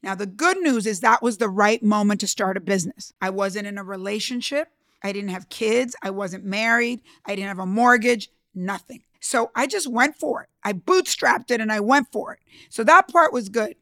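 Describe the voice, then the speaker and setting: In a clean studio recording free of echo, a woman with a slightly bright, mid-range voice tells her own business story at a moderate pace. She is conversational yet emphatic and earnest, quoting what she was thinking as she goes.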